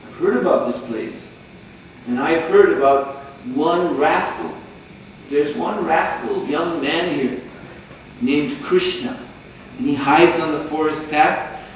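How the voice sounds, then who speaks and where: A snooty, prim young girl, put on by a man telling a story, speaks with lofty scorn and indignation. Her voice sits fairly high. It rings through a very echoey hall from a distant mic, with a faint hiss behind. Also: slow pace. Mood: haughty. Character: haughty proud young girl, snobbish and prim.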